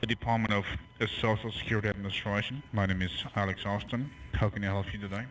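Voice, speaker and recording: A man's voice: fairly low pitch, flat delivery, fast talker. A man working a scam call center, who flips from scripted politeness to hurling crude insults. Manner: abusive, hurls insults and swearing. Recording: distant phone line with background hum.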